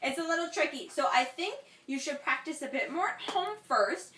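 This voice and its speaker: A woman's voice: high voice, lively intonation, moderate pace, background noise. A woman giving a patient, encouraging one-on-one singing lesson to a child, demonstrating vocal sounds as she goes. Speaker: singing teacher. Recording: echoey room, distant mic.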